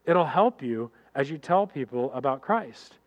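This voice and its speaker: A man preaching a sermon as pastor, animated and addressing the congregation directly, acting out characters in quick voices. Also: medium pitch, highs cut off.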